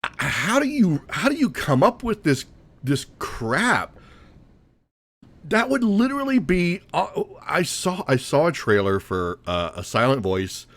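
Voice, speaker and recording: A grown man hosting a podcast, ranting with animated exasperation. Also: fairly high pitch, a little slow. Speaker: podcast host. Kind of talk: casual rant.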